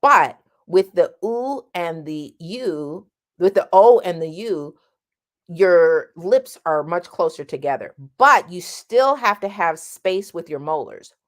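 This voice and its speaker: Speaking slowly but with animation, a woman with a voice on the low side gives a singing lesson. Between her explanations of vowel sounds, she sings brief vowel examples.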